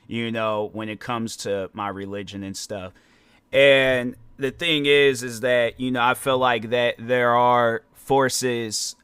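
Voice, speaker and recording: A tired young man hosts his own podcast, rambling casually in a solo monologue and frequently stumbling over his words. His medium-pitched voice is bright and forceful, and the sound is smooth with no echo.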